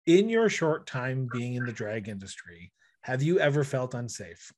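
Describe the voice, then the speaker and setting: A man hosting a podcast, asking earnest, halting interview questions. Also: mid-range voice, lively intonation. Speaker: podcast host.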